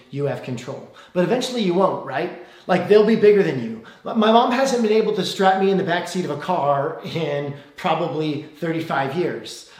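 A man's voice: on the high side, echoey room. A man in his forties preaching a sermon in a conversational way, often asking "right?". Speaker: pastor.

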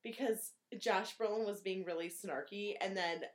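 A woman's voice: medium pitch, fairly even intonation, normal speed. A young woman co-hosting a casual film chat, laughing often and filling with "like". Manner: laughs often, many fillers. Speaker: podcast co-host. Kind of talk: casual movie discussion.

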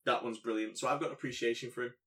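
Brief: male podcast co-host, mid-pitched, loose joking chat with lots of asides. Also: fairly even intonation, pushed and bright. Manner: joking, rambling, quick asides. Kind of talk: casual chat.

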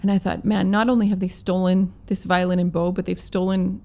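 A woman's voice: lowish voice, flat delivery, fairly quick, warm tone. A woman from Manitoba, a guest musician, telling a story in a casual interview and acting out the quoted lines in her own voice. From Manitoba, Canada. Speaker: guest musician, violinist and singer.

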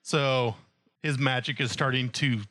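Male game master, bright tone, dry close sound, casual narration. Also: mid-range voice, steady tone, measured pace, dry recording.

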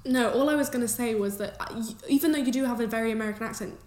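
A woman with an English accent co-hosting a podcast in casual, chatty talk, quick and quick to laugh. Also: fairly high pitch, darkish tone, reverberant. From England. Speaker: podcast co-host. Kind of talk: casual chat.

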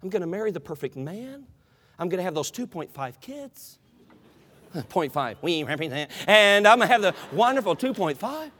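A male preacher delivers an animated sermon, slipping into the voices of Bible characters. His voice sits high and rings bright and forceful. It carries the long reverb of a big church hall. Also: normal speed. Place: church sanctuary.

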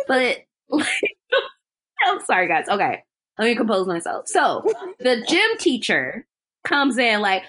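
Lively, bright-voiced young woman. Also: fairly high pitch, slow, long pauses, breathy edge. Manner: animated, laughing often, acts out quotes loudly. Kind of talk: casual chat recapping a film.

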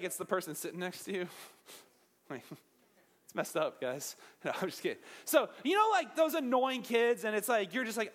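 A young man preaching a sermon in a casual, animated way, joking with the crowd and acting out little quotes. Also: high-pitched.

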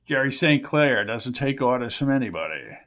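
A man's voice: mid-range voice, big pitch swings, normal speed, fairly bright tone. A man voicing an older, boastful schemer who needles everyone in a smug, self-important way. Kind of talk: audiobook character voice.

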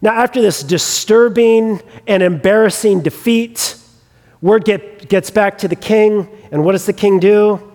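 High-voiced preacher acting out scripture. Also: male voice, measured pace. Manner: animated storytelling, acting out the characters. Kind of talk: sermon retelling a scripture story. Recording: long reverb of a large hall.

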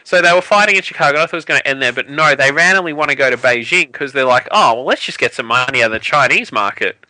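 A man's voice: medium pitch, pushed and bright, no room sound, low-quality recording. A man, co-hosting a podcast and ranting sarcastically in a casual film review. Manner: ranting, sarcastic, quick asides. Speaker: podcast co-host.

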